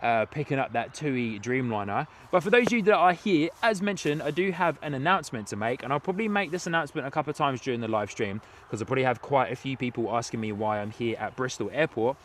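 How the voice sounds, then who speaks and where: Standing at an airport in light rain, this Englishman in his thirties streams his plane spotting live, loose and chatty, full of fillers and laughs. He talks quickly with hardly any pauses, in a medium-pitched, fairly bright voice with lively intonation, while faint outdoor and vehicle sounds linger.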